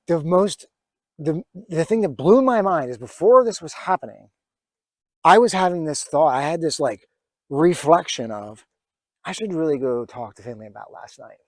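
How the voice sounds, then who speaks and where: A man's voice: on the high side, no echo. A man in his forties telling a personal story in a vlog, earnest and reflective, with many fillers and restarts, close to tears at times. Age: 40s. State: emotional, near tears at times. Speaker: vlogger.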